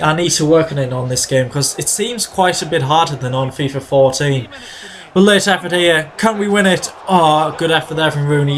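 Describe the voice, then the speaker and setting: Excitable man commentating his game. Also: fairly high pitch. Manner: chatty play-by-play, bursts into excited shouts at goals. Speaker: gaming channel host.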